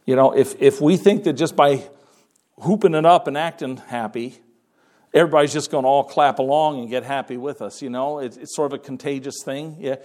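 A man preaching a sermon in a conversational way, pausing and repeating words as he goes. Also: medium pitch, fairly even intonation, darkish tone.

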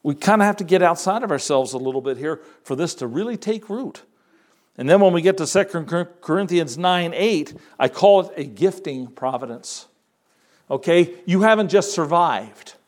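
A man with a fairly high voice delivers a sermon. He reads scripture slowly, leaning on key words. Between readings he talks in a relaxed, casual way. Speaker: preacher.

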